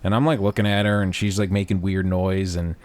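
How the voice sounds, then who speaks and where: A man hosting a podcast, telling a story casually, with lots of swearing and sudden loud shouts when he acts out a scene. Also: low voice, fairly quick. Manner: animated, profane, bursts into loud yelling when re-enacting. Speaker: podcast host.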